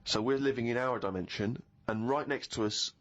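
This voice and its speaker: Middle-aged co-host, self-mocking storyteller, mid-pitched, slightly muffled podcast sound. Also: male voice, a little fast. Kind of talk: casual chat. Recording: slightly dull podcast audio.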